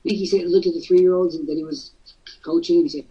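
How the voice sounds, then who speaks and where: A man's voice: fairly high pitch, fairly even intonation, fast talker, warm tone, breathy edge, far from the mic, dull audio. A male host giving casual coaching talk, jokey and teasing, slipping into mock voices.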